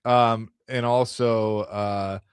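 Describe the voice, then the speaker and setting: A man's voice: fairly low pitch, fairly even intonation, drawn-out words, smooth, no echo. A man hosting a sports talk radio show, chatting in an easygoing, rambling way and reading sponsor lines. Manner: easygoing, rambling, reads ad copy. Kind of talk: casual sports radio banter. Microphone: studio microphone.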